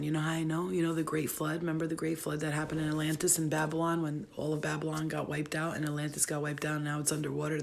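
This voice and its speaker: A woman's voice: low voice, vocal fry. A woman in her late thirties chatting on her vlog in a blunt, profane, rambling way. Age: late 30s. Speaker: vlogger. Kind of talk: casual chat.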